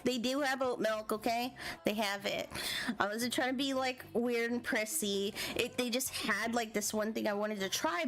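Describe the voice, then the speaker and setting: An American woman telling a travel story in casual, chatty vlog talk, giggling often and animated. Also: on the high side. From United States. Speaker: vlogger.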